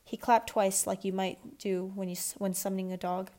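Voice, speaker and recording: Woman, children's book read-aloud, steady, plain voice. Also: mid-range voice, normal speed. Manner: steady reading with small restarts. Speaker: audiobook reader.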